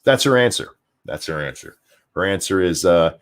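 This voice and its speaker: A male commentary host rants sarcastically and swears freely. His voice sits low but swings widely in pitch. He often stumbles and restarts his sentences as he reacts. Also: animated, normal speed. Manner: sarcastic, profane, stammering restarts. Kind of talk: ranting commentary stream.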